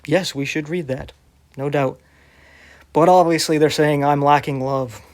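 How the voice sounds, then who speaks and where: A man's voice: fairly high pitch, fairly even intonation, unhurried. A man who preaches online, reading viewer comments aloud and answering them in a sarcastic, defensive way.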